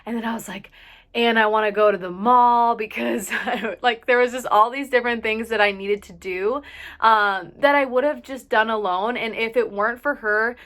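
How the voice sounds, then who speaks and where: A woman's voice: a little high, moderate pace, a bit bright. A young woman vlogging casual advice to camera, chatty and full of "like", a little out of breath. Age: young adult. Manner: chatty, fills with "like", sighs and laughs.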